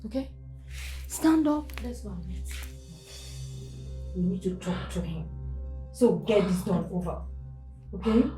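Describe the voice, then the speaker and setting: Casting: actress as pleading loyal friend, lively slow delivery, Nigerian English accent. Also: female voice, medium pitch, close to an everyday voice. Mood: soothing. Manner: pleading, soothing. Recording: film soundtrack with music.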